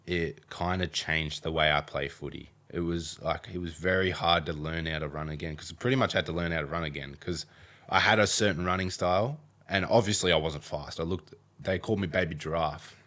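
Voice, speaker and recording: A young man with an Australian accent and a very low voice tells a story in a casual interview. He rambles, piles on fillers and acts out what people said. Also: brisk, pushed and bright. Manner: rambling, filler-heavy retelling with acted-out quotes. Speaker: podcast guest, athlete.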